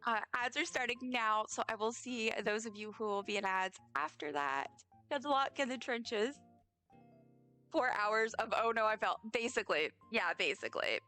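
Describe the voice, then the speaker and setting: Bright, tired woman game streamer. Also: fairly high pitch, expressive, normal speed, faint music behind. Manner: chatty, self-deprecating, rambling. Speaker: live streamer. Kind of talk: casual chat while playing a game.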